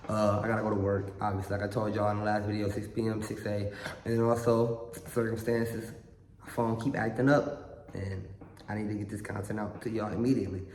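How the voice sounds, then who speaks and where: A young adult man hosting a reaction channel, talking earnestly to his viewers in a rambling way and repeating himself often. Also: on the low side. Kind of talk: casual monologue to viewers. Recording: echoey room with long reverb.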